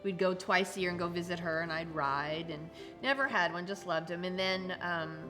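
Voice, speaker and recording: A woman's voice: lowish voice, normal speed, over music. A middle-aged woman telling personal stories as a guest in a casual chat, often laughing as she talks. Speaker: interview guest. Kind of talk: casual storytelling.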